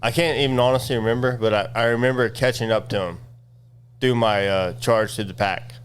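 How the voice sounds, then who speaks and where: A man's voice: medium pitch, steady tone, brisk, slight background noise. A man who races motocross, chatting casually and boasting with joking banter on a podcast. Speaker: podcast co-host and racer. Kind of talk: casual chat.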